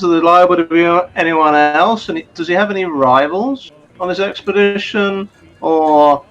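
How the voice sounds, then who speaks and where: High-voiced British man on a dull mic. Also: fairly bright tone, clear, resonant tone. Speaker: player. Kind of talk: casual tabletop role-play.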